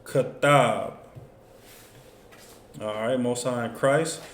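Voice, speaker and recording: A man's voice: medium pitch, normal speed, darkish tone. A man teaching a class in a loose, conversational way, full of fillers and asides. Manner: loose, conversational, many fillers like "you know what I'm saying". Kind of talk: casual classroom instruction. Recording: echoey room with faint noise.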